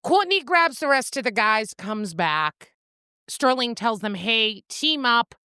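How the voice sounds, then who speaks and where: A woman's voice: on the high side, a little slow, clear, resonant tone, no echo, studio quality. A woman co-hosting a casual book chat podcast, retelling the plot with acted-out lines and frequent laughs. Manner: animated storyteller, acts out lines, laughs often. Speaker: podcast co-host.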